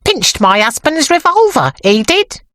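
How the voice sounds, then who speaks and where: A woman's voice: high-pitched, very animated, a little slow, fairly bright tone, no echo, pitched above the performer's own voice, heavily acted. A woman reading an audiobook, voicing a flashy, mean middle-aged woman with a thin, reedy voice. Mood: complaining.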